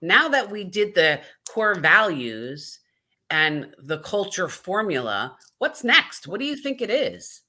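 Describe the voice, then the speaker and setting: Bubbly bright-voiced woman co-host. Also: fairly low pitch, very animated, takes it slowly. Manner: bubbly, enthusiastic, cheers viewers on. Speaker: co-host of a live business networking show. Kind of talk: casual live-stream chat.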